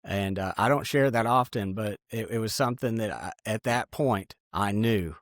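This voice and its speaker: A man giving an earnest, halting personal testimony in an interview. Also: fairly low pitch, no room sound, clean studio sound.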